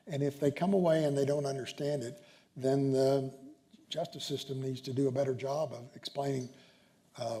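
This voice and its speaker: A man, a senior judge, answering questions on stage at a dinner, talking in a halting way with many ums and restarts. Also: medium pitch, fairly even intonation, mellow. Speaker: chief justice being interviewed. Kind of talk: onstage conversation at a dinner event. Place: hotel banquet room.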